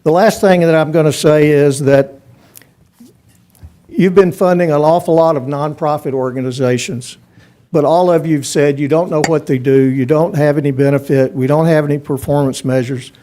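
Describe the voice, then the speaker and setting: A man's voice: on the high side, fairly even intonation, moderate pace, dark tone. A man giving a public comment at a county budget hearing, laying out firm, methodical criticism into a podium microphone. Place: county commission meeting chamber.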